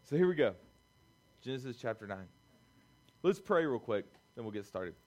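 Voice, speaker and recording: A young man preaching a lively, conversational sermon to a youth group, acting out quoted voices as he goes. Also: medium pitch, normal speed. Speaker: youth pastor.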